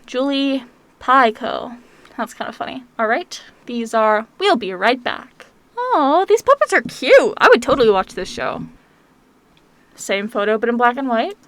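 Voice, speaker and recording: A woman's voice: on the high side, sing-song, unhurried, a bit bright. A young woman hosting a gaming video, casually reacting and gushing "cute" as she reads website text aloud. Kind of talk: casual reaction commentary while browsing a website.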